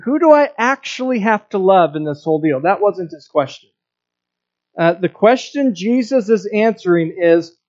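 A man's voice: high-pitched, a little mellow, muffled recording. A man preaching a sermon, earnest, often repeating words and restarting his phrases. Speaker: pastor.

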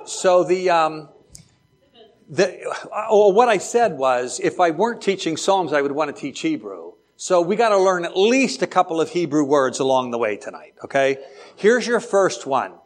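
A man's voice: on the high side, very animated, normal speed. Chatty male Bible teacher. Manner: chatty, digressive, joking asides to the class. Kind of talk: classroom Bible lesson.

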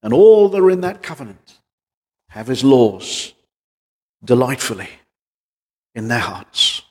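A man preaches with earnest conviction, firing off rhetorical questions and then dropping to quieter passages. His mid-pitched voice carries a long reverb that trails after each phrase, as in a large church. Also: very animated, slow pace. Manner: earnest, rising and falling emphasis with rhetorical questions. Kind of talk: sermon.

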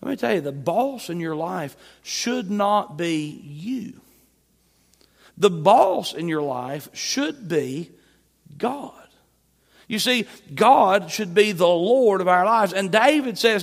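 A male pastor preaching a Sunday sermon, emphatic, swinging between loud and soft. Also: sits high, animated, slow, creaky. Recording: long hall reverb.

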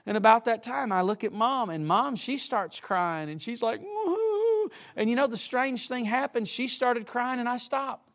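A middle-aged man preaching to young people, with emphatic direct appeals and shifts between soft asides and loud, rising emphasis. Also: very high-pitched, normal speed. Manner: emphatic, repeatedly urging listeners with direct appeals. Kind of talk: sermon to a youth congregation.

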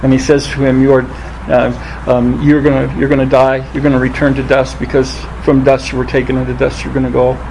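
A man preaching a sermon, reading scripture aloud and rising in pitch on the quoted lines, thinking aloud with restarts. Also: monotone, fairly quick, vocal fry, a little mellow, a little hiss or hum, low-quality recording. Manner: rises in pitch when quoting scripture.

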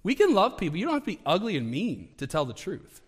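High-voiced preacher in a reverberant hall. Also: male voice, quick pace, slightly rough. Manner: animated, conversational, acts out the scripture. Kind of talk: sermon.

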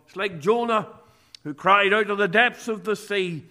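A man preaching a sermon, speaking deliberately and reading scripture passages aloud. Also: sits high, sharp tone.

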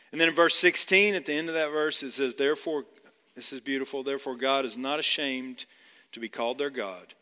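A man's voice: medium pitch, pushed and bright, long reverb tail. A male pastor from Georgia preaching a sermon in a conversational way, often checking in with "right?".

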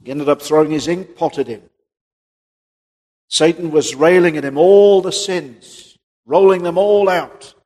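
A male preacher giving a sermon, posing rhetorical questions and swinging between loud and quiet passages. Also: on the high side, a little slow. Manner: rhetorical questions, rises and drops in volume. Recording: long hall reverb.

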